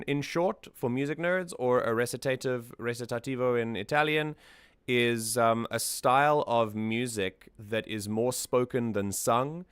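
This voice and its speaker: A man's voice: mid-range voice, a bit bright, clean tone, dry recording, studio quality. A man hosting a music analysis stream, talking things through in a thoughtful, casual way and often repeating words as he thinks.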